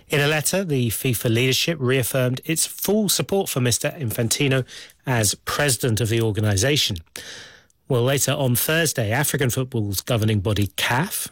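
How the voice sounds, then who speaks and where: A man presenting a radio news programme in a measured, formal manner from a studio. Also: mid-range voice, a bit bright, no room sound.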